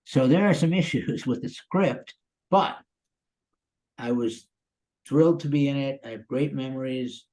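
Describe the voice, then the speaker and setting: A guest actor in his sixties from the Chicago area, USA, tells stories in a casual interview, rambling and upbeat with plenty of "you know" and "um." His voice is medium-pitched and warm, with a measured pace and frequent pauses, on a rough recording.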